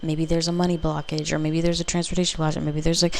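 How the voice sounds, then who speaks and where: A woman with a low, gravelly voice gives a casual pick-a-card tarot reading. She talks in a flat, even tone and rambles from one intuition to the next, full of filler words. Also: fast talker, a little hiss or hum. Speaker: tarot reader.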